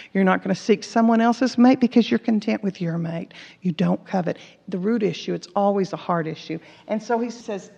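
Recorded with dull, lo-fi sound in an echoey hall, a woman delivers a sermon as a Bible teacher, earnestly sharing personal stories and performing their quoted dialogue. Her medium-pitched voice is creaky and a little mellow, with a breathy edge.

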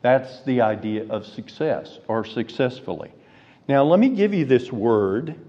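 A man preaching an expository sermon, slow and deliberate, rising to fervent emphasis. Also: medium pitch, animated, warm tone. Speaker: pastor. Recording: reverberant hall, dull lo-fi sound.

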